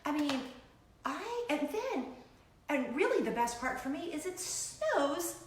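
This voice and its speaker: A middle-aged woman hosting a casual chat show, talking in a bubbly, gushing way with excited asides. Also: high voice, slow pace, roomy sound, a little hiss or hum. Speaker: host.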